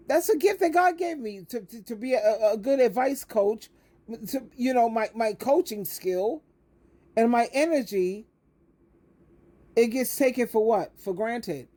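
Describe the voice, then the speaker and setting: A woman's voice: fairly high pitch, expressive, measured pace, dark tone. An older woman, an advice coach, giving an emphatic, preachy monologue that repeats words for stress and calls the listener honey. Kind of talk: direct-to-camera monologue.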